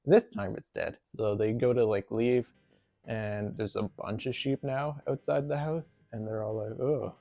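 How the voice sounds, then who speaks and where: Recapping a movie plot in a relaxed way, this male movie reviewer has a warm, creaky, mid-range voice and an unhurried delivery. He wanders off topic, leans heavily on "like," and keeps breaking into laughter.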